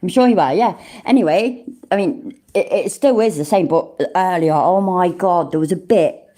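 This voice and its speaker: A woman's voice: fairly low pitch, moderate pace, mellow. A woman in her forties hosting a livestream, a little tipsy, chatting casually, swearing freely and laughing often. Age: 40s. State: tipsy from drinking. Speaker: livestream host.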